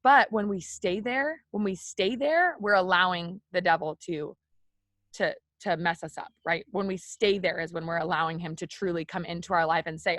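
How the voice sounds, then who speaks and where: A woman's voice: lowish voice, fairly even intonation, moderate pace, fairly bright tone, no room sound. A young woman speaking candidly to viewers in a personal devotional talk, confiding and repeating phrases for emphasis. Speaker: faith video host.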